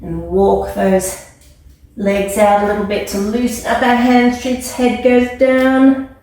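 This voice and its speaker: Brief: woman yoga teacher for kids, higher voice, playful and encouraging, recorded far from the mic. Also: level tone, takes it slowly. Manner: gentle, encouraging, playful instructions. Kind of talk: guided kids yoga class. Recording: echoey room, mic far off.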